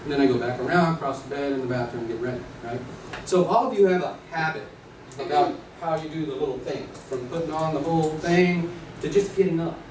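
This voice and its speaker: A man teaching a live class of real estate agents, playful and energetic, acting out little scenes and quizzing the audience. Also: on the high side, brisk. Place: training room with an audience. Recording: echoey room, distant mic, noisy.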